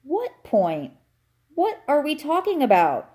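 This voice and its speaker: A woman voicing an excitable, slow-witted male family dog who gets easily bewildered. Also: sits high, voice pushed up, exaggerated voice. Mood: exasperated.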